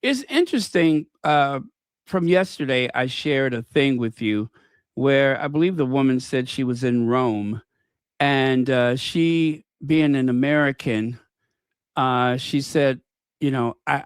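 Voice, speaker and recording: A man's voice: medium pitch, clean tone, dry recording, clean studio sound. A man hosting a channel, giving casual commentary and thinking aloud while he cues up clips. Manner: thinking aloud, stops to find and set up clips. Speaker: channel host.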